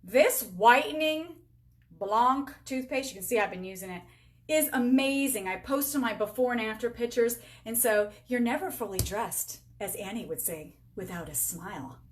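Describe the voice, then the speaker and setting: A woman's voice: on the high side, expressive, normal speed. Chatty woman in her forties, upbeat. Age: 40s. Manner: chatty, talks to herself and viewers while working; upbeat, self-teasing. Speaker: beauty sales rep demonstrating makeup. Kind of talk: casual live-stream makeup tutorial. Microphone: camera with a halo light.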